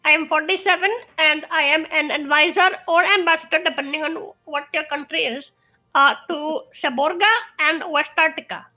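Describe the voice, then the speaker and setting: A woman's voice: sits high, steady tone, normal speed, pushed and bright. A woman voicing a pompous self-proclaimed male ambassador in his forties, with a put-on Indian accent and a stiff, haughty manner.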